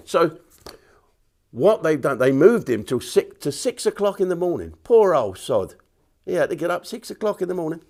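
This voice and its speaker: A man, delivering a blunt, crude comedic rant to camera. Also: medium pitch. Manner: blunt, crude and jokey, with asides and restarts.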